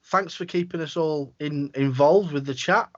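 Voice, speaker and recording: Co-host man, high voice, muffled sound. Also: moderate pace. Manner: brief agreeing interjections. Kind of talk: casual chat. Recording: dull lo-fi stream audio.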